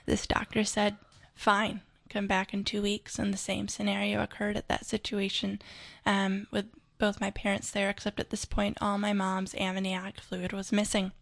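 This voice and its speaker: Flat-voiced woman with a gravelly edge. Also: mid-range voice, moderate pace, few pauses. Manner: earnest, with frequent "um" fillers and restarts. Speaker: interview guest, pro-life advocate. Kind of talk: personal storytelling in an interview.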